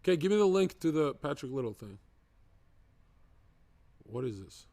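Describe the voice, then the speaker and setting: Crude, excitable male streamer, dry sound. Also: medium pitch, moderate pace, no echo. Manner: excitable, crude, joking rants. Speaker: streamer reacting to clips. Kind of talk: casual profane live-stream commentary.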